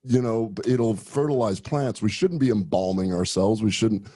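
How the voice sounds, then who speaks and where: A man's voice: fairly low pitch, normal speed, mellow, breathy edge. A man hosting a podcast interview, chatty and friendly, asking rambling questions over a video call. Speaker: podcast host, gastroenterologist. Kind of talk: casual interview chat.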